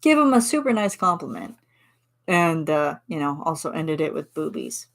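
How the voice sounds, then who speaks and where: A woman's voice: sits low, very animated, normal speed, vocal fry. A woman from Canada chatting casually with her viewers on a stream, giggling and answering chat. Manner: chatty and giggly, reads chat replies aloud.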